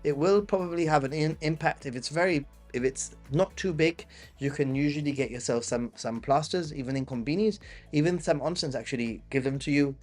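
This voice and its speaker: A man's voice: fairly high pitch, brisk, darkish tone. Chatty Gibraltarian man, faint music behind. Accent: Gibraltarian English. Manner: chatty, reads viewer questions and answers them off the cuff. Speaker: travel channel host. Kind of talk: live-stream Q&A.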